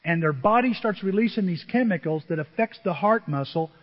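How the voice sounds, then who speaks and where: With a brisk delivery and a high voice, an older male pastor tells animated, self-deprecating stories in his sermon, shifting sharply between quiet asides and loud passages. Sound in the church sanctuary is dull, muffled, and reverberant, as in a long hall.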